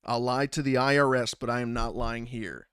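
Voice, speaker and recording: A man telling a story in a casual, profane and animated way, acting out both sides of the conversations himself. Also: medium pitch, normal speed, clean tone, dry recording, studio quality. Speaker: battle rapper.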